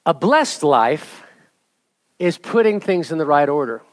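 A middle-aged male pastor preaching a sermon with an object lesson, jokey and animated, building to emphatic calls to the congregation. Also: fairly high pitch, measured pace, no room sound.

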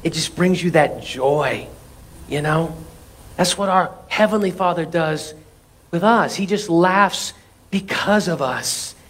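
A man pastor preaching a sermon, animated, with laughing asides, swinging from loud exclamations to soft, intimate lines. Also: a little high, slow pace.

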